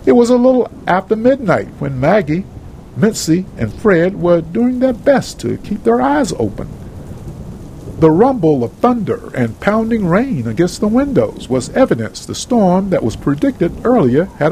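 Man, storybook narrator, gravelly, animated pitch, faint rain and thunder behind. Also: slight background noise, rough recording. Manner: plain, earnest read-aloud delivery.

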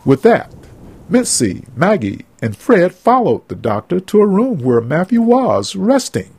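A man's voice: sits high, wildly swooping pitch, unhurried, darkish tone, husky, poor audio. A man reading a story aloud in a plain, earnest storybook narration.

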